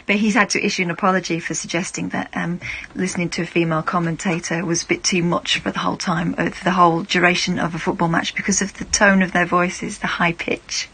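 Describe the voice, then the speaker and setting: A woman's voice: lowish voice, little pitch movement, quick pace, a bit bright, husky. A woman, co-presenting a radio talk show in casual, wry chat. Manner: chatty, storytelling, wry asides.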